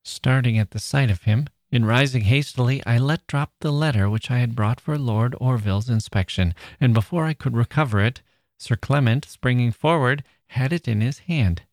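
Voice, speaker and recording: A podcast host, a man, reading a passage from an old novel in a measured, expressive way. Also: medium pitch, no room sound, studio quality.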